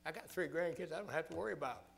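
A fervent older preacher, his voice fairly high and gravelly. He reads scripture with rising force, then drops to a hushed, intimate tone to tell his own stories. A faint hum sits under the recording. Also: very fast. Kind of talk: sermon.

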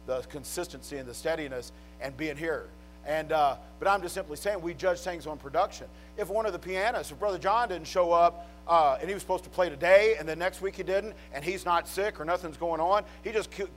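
A man preaching a chapel sermon, telling a Bible story with animated storytelling that swings from hushed to shouting. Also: fairly high pitch. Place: college chapel.

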